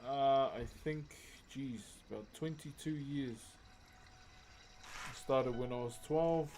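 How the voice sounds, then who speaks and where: A man's voice: medium pitch, slow pace, slight background noise. Laid-back New Zealand man in his thirties. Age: 30s. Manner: relaxed, slangy, talks to chat while working. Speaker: wood carver streaming live. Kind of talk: casual livestream chat.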